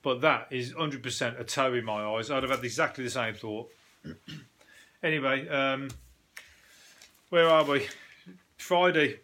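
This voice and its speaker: A British man hosting a casual news podcast, ranting and joking in an animated, sweary way with laughing asides. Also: mid-range voice, a little slow, long pauses. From Britain. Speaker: podcast host.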